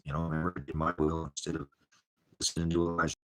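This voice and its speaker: Weary ministry host, very low pitch, rambling vlog monologue. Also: male voice, level tone, fast. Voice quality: gravelly, husky. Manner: weary, sighing, drifts between topics. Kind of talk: rambling personal vlog talk.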